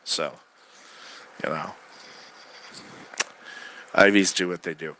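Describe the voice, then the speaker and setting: A man delivering a rambling spoken-word monologue from his bed into a microphone, swinging between loud outbursts and quiet mutters. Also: deep voice, fairly even intonation, slow pace, a little hiss or hum. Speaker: recording artist. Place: bedroom.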